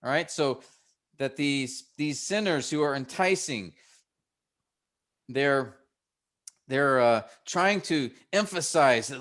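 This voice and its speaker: A man at middle pitch teaches pastors in a relaxed classroom manner. He works through each point slowly, often restarting a phrase before he goes on. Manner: unhurried, explains step by step with restarts.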